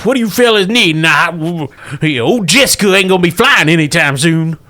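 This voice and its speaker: A rough, folksy redneck bush pilot, put on by a man running a tabletop game. He drawls in a high, sharp, bright voice. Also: lively intonation, normal speed. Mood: gruff. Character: gruff redneck pilot, middle-aged man.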